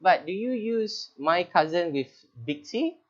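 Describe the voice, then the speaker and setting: A man's voice: sits high, expressive, a little slow, lo-fi sound. Chatty Malaysian man teaching writing. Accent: Malaysian English. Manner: chatty, joking, explanatory. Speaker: teacher trainer.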